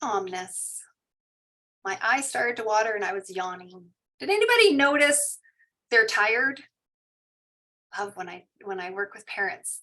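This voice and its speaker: A woman teaching mindfulness in an online session, guiding a meditation and then reading out and answering participants' shares in a soft, slow, soothing way. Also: mid-range voice, expressive. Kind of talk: guided meditation and parent info session. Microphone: online video call.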